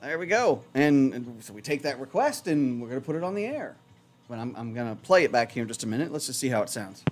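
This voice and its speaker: A man hosts a morning radio show from the studio, talking fast in a sing-song, mid-range voice. He's chatty and rambling, often poking fun at himself along the way.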